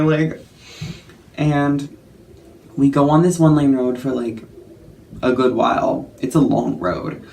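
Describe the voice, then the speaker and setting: A man's voice: medium pitch, fairly even intonation, unhurried, creaky, pauses often, a little mellow. A young man telling a story in a casual vlog, chatty and self-mocking, full of fillers and laughs. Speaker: vlogger.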